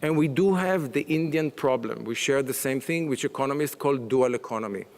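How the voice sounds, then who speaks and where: A man's voice: mid-range voice, brisk, a little mellow. Man speaking in an echoing hall. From Israel. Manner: hesitant, many fillers and restarts. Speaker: panel speaker. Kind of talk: conference talk. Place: conference hall. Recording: long reverb of a large hall.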